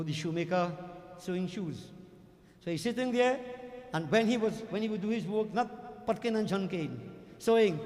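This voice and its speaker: A man with a Trinidadian accent, a pundit giving an animated religious discourse full of stories, addressing his listeners as devotees. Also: sits high. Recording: echoey hall with long reverb.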